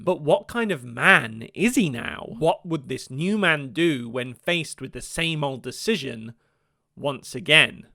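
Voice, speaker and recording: A young man narrates his commentary with a wry, joking edge. His voice sits a little high and carries a gravelly crackle. The sound is bright and dry. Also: no room sound. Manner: wry, jokey asides. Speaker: video essayist. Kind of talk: scripted commentary.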